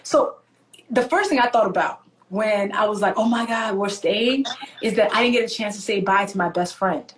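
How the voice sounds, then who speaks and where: A woman from Nigeria, animated and laughing often as she tells stories in a conversational interview. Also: mid-range voice, brisk, noisy background. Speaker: author and guest.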